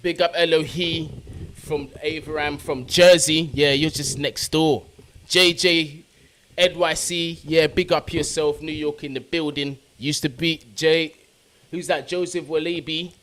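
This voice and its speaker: Man giving chat shout-outs. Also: on the high side, fairly even intonation, measured pace. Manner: casual slang-heavy, shouting out chat viewers. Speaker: football fan channel host. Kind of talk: live stream chat with viewers.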